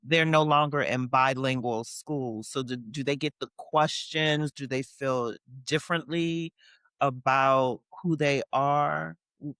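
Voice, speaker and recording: A man's voice: fairly high pitch, fairly bright tone, clear, resonant tone, no room sound. A man interviewing a guest, asking curious follow-up questions.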